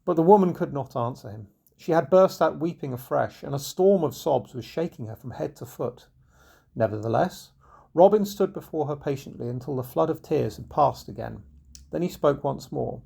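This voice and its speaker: A man narrating an old folk tale in a measured, unhurried storybook reading. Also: fairly high pitch, animated, gravelly, warm tone, husky.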